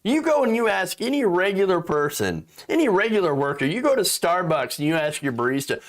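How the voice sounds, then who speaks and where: A man hosts a political commentary show in a fairly high, animated voice at a slightly fast pace. Sarcastic and exasperated, he mocks what he reads and swears freely.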